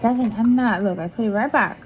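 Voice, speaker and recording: A young woman with a somewhat high voice chats excitedly at home, marveling at toys and teasing someone nearby. Her words tumble out with delighted exclamations. A steady hiss of background noise sits under the home recording. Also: a little fast. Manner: excited, teasing, keeps saying "look at this". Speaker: vlogger. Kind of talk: casual unboxing chat.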